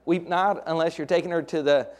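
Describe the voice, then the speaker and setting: A middle-aged male pastor preaching a sermon, moving between hushed, intimate lines and raised, emphatic points, with folksy humorous asides. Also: a little high, fairly even intonation, fairly quick.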